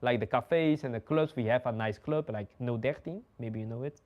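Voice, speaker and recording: Medium-pitched and speaking at normal speed, a young man from the Netherlands hosts a casual chat on lo-fi audio. He's a loose, animated storyteller who swears and laughs a lot.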